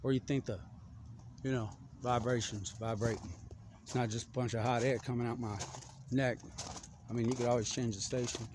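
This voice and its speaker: Man, off-the-cuff rambler, average pitch, noisy recording with birds. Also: flat delivery, moderate pace, pauses often. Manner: stream-of-consciousness, jumping between topics. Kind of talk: rambling monologue.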